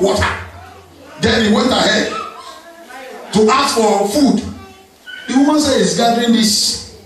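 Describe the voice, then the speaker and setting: A man preaching a sermon emphatically, calling out to the congregation and rising to shouted exhortation. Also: high-pitched. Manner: emphatic, calls out "Amen?" to the congregation. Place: church hall. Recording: echoey hall, distant mic, faint music.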